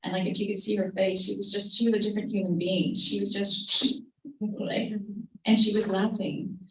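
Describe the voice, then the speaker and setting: A woman giving a reflective storytelling talk to a live audience at a creative event, telling a story gently and quoting what she said along the way. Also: medium pitch, level tone, moderate pace. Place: event venue, roomy hall. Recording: roomy livestream audio from a distance.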